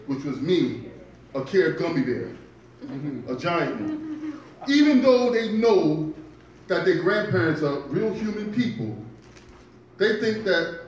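A man doing a stand-up comedy set in a club, telling stories with deliberate delivery and punchy asides. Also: fairly high pitch, a little hiss or hum. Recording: echoey club from far off.

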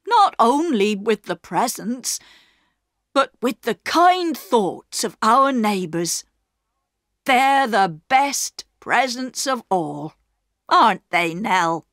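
A woman voicing a proud, poor working man who speaks slowly and stubbornly, in a storybook reading. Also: on the high side, big pitch swings, fairly bright tone, dry recording, studio quality, exaggerated voice. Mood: moved. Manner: slow, stubborn, heavy emphasis.

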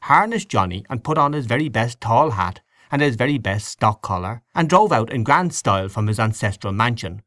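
A man's voice: mid-range voice, expressive, moderate pace, few pauses, fairly bright tone, no room sound, studio quality, natural voice. A man reading a story aloud, voicing a genial man telling a comic tale in a wry, mock-grand way.

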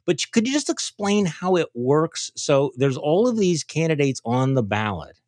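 A man's voice: a little high, big pitch swings, normal speed, darkish tone, no room sound, clean studio sound. A man hosting a political podcast, telling stories in a folksy way with many restarts and fillers. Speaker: podcast host.

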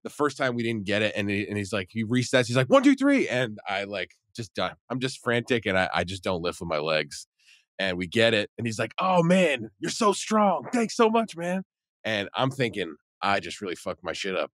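A man with a very deep voice tells a rambling story and acts out what people said along the way. He speaks close to the mic in a dry space, in the manner of a podcast regular. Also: brisk, fairly bright tone, dry recording. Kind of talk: casual anecdote telling.

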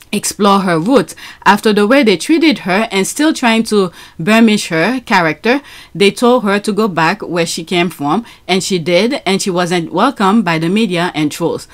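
A woman hosting a reaction podcast, laughing often and sounding incredulous as she reads listener comments aloud. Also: medium pitch. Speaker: podcast host reacting to clips.

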